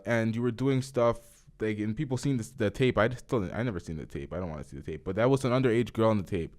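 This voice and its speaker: A man's voice: sits low, fast talker, a little mellow. A man hosting a podcast, giving blunt, profane, offhand reaction commentary. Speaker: podcast host.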